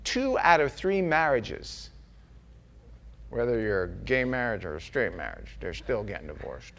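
A man's voice: mid-range voice, sing-song, measured pace, gravelly, a bit bright, slight background noise. A man preaching a sermon in church, earnest and conversational, acting out the voices he quotes.

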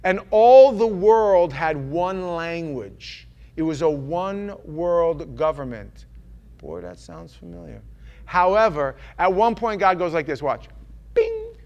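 A man from New York preaching a sermon, animated and joking, acting out little voices as he tells his stories. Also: fairly high pitch, slow, creaky, dull audio. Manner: animated, acts out voices and jokes.

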